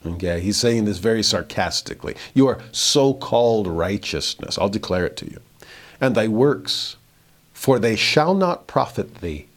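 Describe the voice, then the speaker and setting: A man teaching a verse-by-verse scripture lesson, reading passages slowly and then paraphrasing them with rising emphasis. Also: fairly low pitch.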